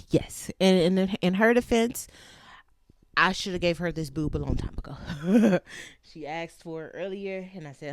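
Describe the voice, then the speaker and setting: A woman's voice: medium pitch, no echo. Candid, profane woman host, dry sound. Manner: candid and profane, with loose chatty tangents; laughs often while talking. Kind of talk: casual chat.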